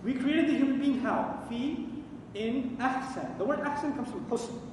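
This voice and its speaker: A man's voice: very high voice, normal speed, a little mellow, slight background noise. A man giving a religious lecture on the Quran, quizzing his listeners with questions and then answering them himself. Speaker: Quran teacher. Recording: echoey hall recording from far off.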